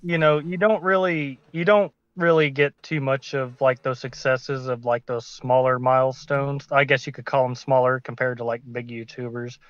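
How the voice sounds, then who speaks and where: A man's voice: medium pitch, little pitch movement, normal speed, few pauses, smooth, dry recording, lo-fi sound. A man co-hosting a live stream, speaking earnestly in a rambling way with many fillers. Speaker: co-host. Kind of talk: casual chat.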